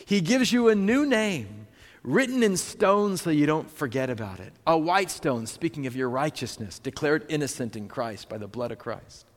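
A man preaching a sermon as pastor, telling stories in a conversational way and reading scripture slowly. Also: mid-range voice, animated. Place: church sanctuary. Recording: long hall reverb.

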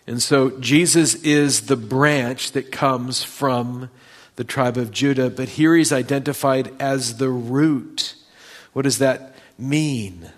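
A man preaching an expository sermon, reading scripture aloud and rising to emphatic, louder peaks on key phrases. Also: mid-range voice, takes it slowly.

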